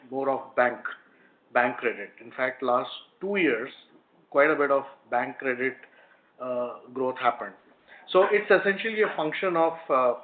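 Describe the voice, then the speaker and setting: A man, a company executive, explaining answers to analysts on an earnings call, with many pauses and fillers. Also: mid-range voice. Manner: hesitant, frequent fillers, explanatory. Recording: phone-line conference call audio.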